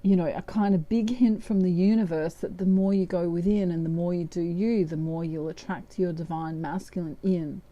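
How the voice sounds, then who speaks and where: A woman's voice: fairly low pitch, fairly even intonation, moderate pace, few pauses, dark tone, dull audio. An Australian woman giving a casual, meandering tarot reading. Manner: chatty, meandering, breaks into humming. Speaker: tarot reader.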